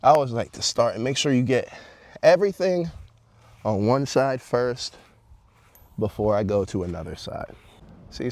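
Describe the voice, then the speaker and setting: A man's voice: mid-range voice, a little mellow. A man casually showing his horse and explaining its care, talking in a laid-back way with casual slang. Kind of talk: casual vlog talk.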